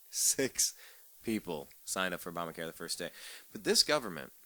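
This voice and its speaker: Brief: man, radio talk host, bright edgy tone, sarcastic rant with stumbling repeats. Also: low-pitched, very animated, fairly quick, dry recording. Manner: sarcastic, ranting, repeats words when fired up. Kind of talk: political talk radio monologue.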